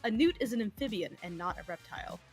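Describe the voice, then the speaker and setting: A woman chatting eagerly on a charity stream call, nerdy and quick to laugh. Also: mid-range voice, lively intonation, faint music behind. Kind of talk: casual stream chat.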